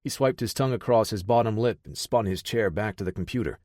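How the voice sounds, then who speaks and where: Brief: steady male audiobook narrator, low-pitched, dry studio sound. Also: quick pace, no echo.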